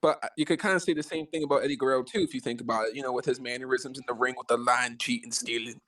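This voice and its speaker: Even-handed male host, a bit off-mic. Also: mid-range voice, far from the mic. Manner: measured, even-handed, moderating. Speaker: podcast host keeping score. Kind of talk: casual podcast debate.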